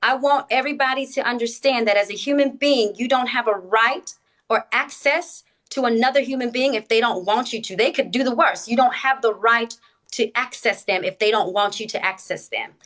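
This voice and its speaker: Measured woman speaking on a phone livestream. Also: fairly high pitch, fairly bright tone. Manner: measured, deliberate, with many fillers. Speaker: TikTok live guest. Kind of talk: casual live-stream debate.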